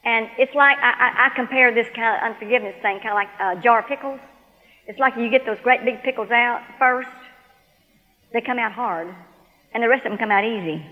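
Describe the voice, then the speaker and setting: A woman's voice: a little high, brisk, bright, forceful tone, big-room sound, low-quality recording. A woman preaching a testimony sermon, telling her story with animation and acting out both sides of the conversation.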